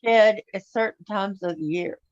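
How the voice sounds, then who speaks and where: A woman from Texas with a Texas accent, chatting casually with her quilting group in an unhurried, easygoing way. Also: medium pitch, crowd noise. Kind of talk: casual chat. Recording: dull lo-fi stream audio with faint noise.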